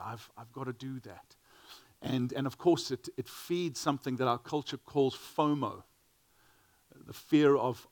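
A man's voice: fairly high pitch, no room sound. A middle-aged man preaching a sermon, earnest, often repeating words as he starts a phrase.

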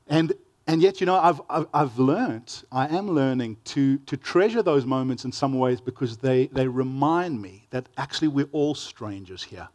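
A man with a South African accent preaching a sermon as a pastor, reading scripture and telling stories in an earnest, conversational way with gentle humor. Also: mid-range voice, expressive, measured pace.

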